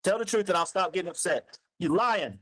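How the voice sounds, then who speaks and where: A man in a heated phone argument, yelling, cursing and accusing the other person of lying. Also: high-pitched, expressive, brisk. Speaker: caller on a recorded phone call.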